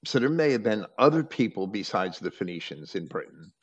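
A man's voice: on the low side, very animated, brisk, husky. A man explaining at length in conversation, often restarting and repeating words as he goes. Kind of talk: lecturing in conversation. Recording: muffled lo-fi audio.

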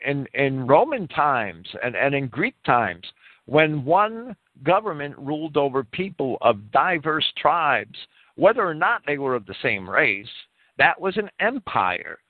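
A man's voice: a little high, no echo. A man hosting a live talk-radio show from a private home, earnestly reading definitions aloud and expounding on them. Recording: tinny phone-line audio.

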